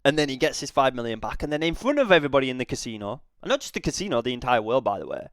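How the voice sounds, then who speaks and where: A man's voice: mid-range voice, very fast, no room sound, studio quality. A man hosting a reaction video, commenting casually with frequent swearing and restarts. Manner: animated, swearing, many restarts.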